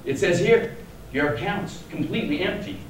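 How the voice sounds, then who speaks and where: A man's voice: high voice, expressive, normal speed, a little hiss or hum, pitched above the performer's own voice. A man voicing a fiery southern woman bank teller in an overdone mock drawl, heard from far off in an echoey hall. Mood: polite.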